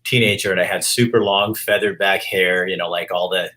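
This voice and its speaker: A man's voice: deep voice, fairly even intonation, fairly quick, pushed and bright. A middle-aged man hosting an interview, telling a personal story in a reflective, casual way. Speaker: host.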